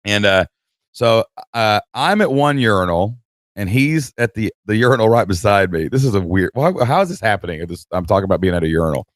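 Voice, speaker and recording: A man's voice: lowish voice, a little fast, no room sound, clean studio sound. A man co-hosting a podcast, telling a story in casual chat and acting out the people in it. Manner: animated, acts out voices, laughs mid-story. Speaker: podcast co-host.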